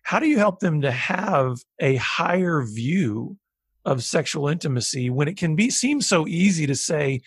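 A man's voice: fairly high pitch, expressive, unhurried, slightly rough, no echo, studio quality. A man hosting an interview, asking long, thoughtful questions. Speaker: podcast host.

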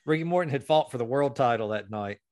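A man hosting a podcast, telling a long, profane story with lively energy. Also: mid-range voice, fast, no room sound, clean studio sound. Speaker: podcast host. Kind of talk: casual storytelling chat.

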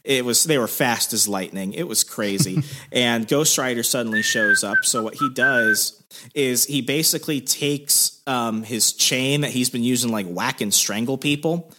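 A man hosting a podcast, retelling a plot in a casual, rambling way. He fills his sentences with "like" and "um" and keeps restarting them. His voice sits at an ordinary, mid-range pitch for a man. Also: normal speed, pushed and bright, slight background noise. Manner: rambling, loose storytelling with many fillers. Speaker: podcast host. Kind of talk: casual comic recap.

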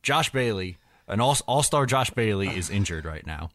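A man's voice: fairly low pitch, animated, moderate pace, fairly bright tone, no echo, studio quality. A man co-hosting a casual sports podcast, joking with wry asides. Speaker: podcast co-host.

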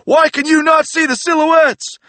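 A man's voice: extremely high pitch, steady tone, normal speed, pushed and bright, dry recording, voice pushed up. A man voicing a furious macho male drill sergeant who barks every line in a wrestler-style delivery. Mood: yelling. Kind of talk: audiobook character voice.

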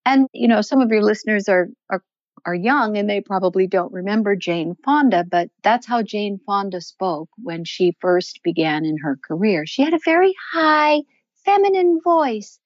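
A woman's voice: mid-range voice, normal speed, no room sound, muffled recording. An older woman, a voice coach, talks in a podcast interview and shifts her voice up and down to show what she means. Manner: expressive, demonstrates voices while explaining.

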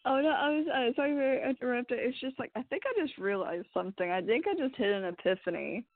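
A woman in casual chat, working through a theory out loud and hedging as she goes. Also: on the high side, animated, a little fast. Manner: thinking aloud, hedging theories. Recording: dry phone-like audio.

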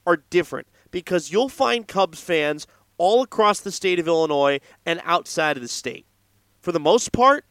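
A man's voice: high-pitched, a bit bright, clean tone, no room sound. A man hosting a podcast, speaking earnestly in a reflective tribute monologue. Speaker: podcast host.

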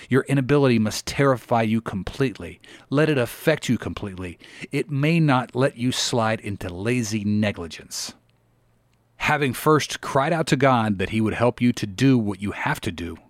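A man's voice: mid-range voice, dry recording. A man preaching a sermon in a solemn, exhorting manner with old-fashioned scriptural wording.

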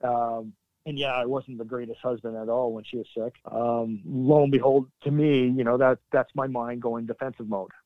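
A middle-aged man, a military veteran, telling his story in an earnest, halting way with sudden emphatic bursts. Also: medium pitch, flat delivery, no room sound. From Canada. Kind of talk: candid interview storytelling. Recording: dry, tinny phone-like line.

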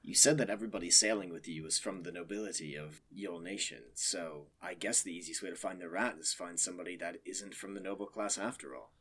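A man's voice: low-pitched, a little fast, few pauses, a bit bright, slightly rough. A man playing a tabletop game, speaking in a rambling, matter-of-fact way. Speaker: player. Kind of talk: in-character tabletop chat.

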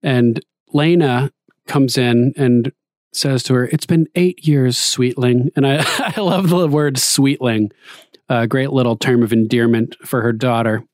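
A man's voice: medium pitch, a little slow, darkish tone, no echo, clean studio sound. A man casually recapping a TV episode, laughing often and acting out the characters' lines in playful paraphrase. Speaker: show recapper.

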